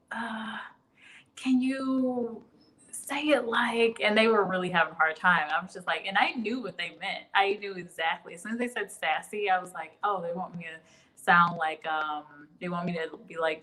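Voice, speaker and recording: A young woman hosts a relaxed live chat, her voice sitting a little low but sounding bright and forceful. She talks in a loose, chatty way, laughs often and answers viewers' comments as she goes. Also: poor audio. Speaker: livestream host.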